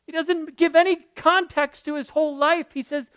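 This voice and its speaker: A man preaching a sermon in a lively, conversational way, reading scripture aloud and asking the congregation rhetorical questions. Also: very high voice, normal speed, few pauses, no room sound. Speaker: pastor.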